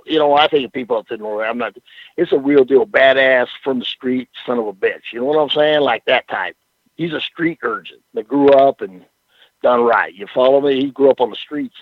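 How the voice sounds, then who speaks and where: Older man, raspy, animated, cussing storyteller; dull radio-quality sound. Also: medium pitch, no room sound. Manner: profane, rambling storyteller with frequent "you know what I'm saying". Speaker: former pro wrestler, interview guest. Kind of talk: casual storytelling interview.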